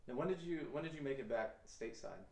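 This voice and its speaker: A man in his thirties interviewing an older veteran, asking short, quiet questions from away from the microphone. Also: mid-range voice, lively intonation, fast, creaky. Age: 30s. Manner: quiet, brief prompting questions.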